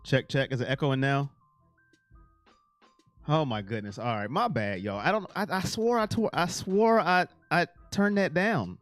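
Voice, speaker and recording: A man's voice: a little high, a little slow, soft background music. A man hosting a casual sports livestream, talking in an emotional, rambling way and thanking donors by name. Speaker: sports channel host.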